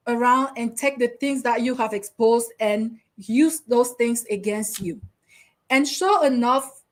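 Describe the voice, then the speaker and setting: A talkative woman host in her young adult years gives her opinions in a casual, chatty way. She keeps asking rhetorical questions and turning to her co-host. Her voice sits a little on the high side. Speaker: relationship coach and host. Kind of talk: casual commentary chat.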